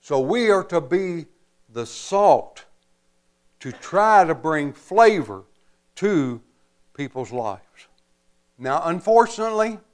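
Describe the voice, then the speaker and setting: A man preaching a sermon as pastor, slow and emphatic, pausing often and adding folksy asides. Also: on the high side.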